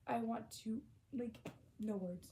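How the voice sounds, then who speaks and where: A young woman vlogging about books she has read, gushing and excitable, repeating herself and often dropping into whispers. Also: fairly high pitch, slow, creaky, background noise. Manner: lots of repetition and swearing. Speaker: book vlogger. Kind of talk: casual reading vlog.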